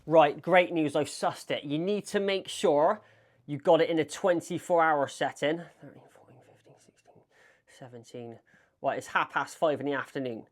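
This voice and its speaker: A man with a strong Bristolian accent talks loosely and casually to his viewers while cooking in his flat, calling them mate and swearing freely. His voice sits a little high for a man. He is picked up on a small clip-on mic. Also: moderate pace. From England. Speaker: vlogger. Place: home kitchen in a flat. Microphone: small wireless clip mic.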